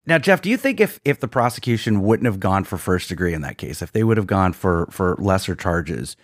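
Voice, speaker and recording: A man's voice: deep voice, very animated, fairly quick, no room sound. A man hosting a casual podcast in a studio, laughing easily as he asks his guest questions. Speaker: podcast host.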